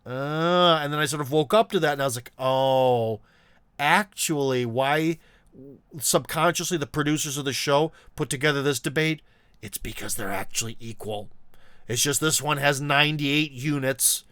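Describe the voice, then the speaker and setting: Smooth-voiced man rambling on a live stream. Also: on the high side, moderate pace, fairly bright tone, dry recording. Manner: rambling, many fillers, laughs mid-sentence. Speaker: show host taking callers. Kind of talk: casual live-stream chat.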